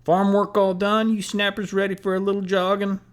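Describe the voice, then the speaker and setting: A man's voice: medium pitch, unhurried, natural voice. A man voicing a cocky teenage rival runner who mocks the team in a put-on hayseed drawl. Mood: mocking.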